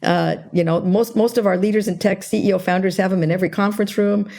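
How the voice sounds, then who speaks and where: Talking fast in a creaky, mid-range voice, an older woman who is a guest expert on interpersonal skills explains a communication model in an interview. Through animated storytelling, she acts out the dialogue she quotes.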